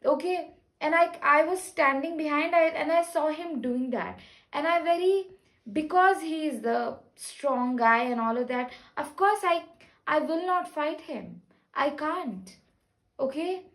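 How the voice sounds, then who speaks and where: A woman talking casually to camera in an earnest, rambling, gentle way, with many restarts. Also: high voice, measured pace, low-quality recording. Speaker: spiritual vlogger. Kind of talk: casual personal talk to camera.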